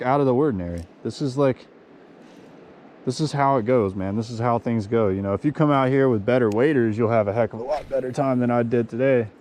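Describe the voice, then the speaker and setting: A man's voice: mid-range voice, a little hiss or hum. A man vlogging outdoors at a winter creek, soaked and cold, talking casually with lots of dude and yo. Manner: excitable, slangy, says yo and dude. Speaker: fishing vlogger.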